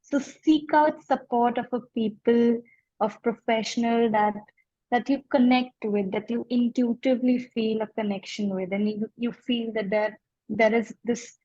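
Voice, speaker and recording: A woman wellness coach answering interview questions in a slow, soothing, deep voice. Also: warm tone, no echo, muffled recording. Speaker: emotional wellness coach, guest.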